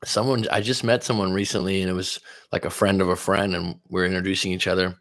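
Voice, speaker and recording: A man's voice: low-pitched, flat delivery, quick pace, fairly bright tone. A man from California, hosting a casual live stream as a relationship coach, reading viewer comments aloud and answering them in a loose, rambling way. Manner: loose, rambling, with fillers and restarts.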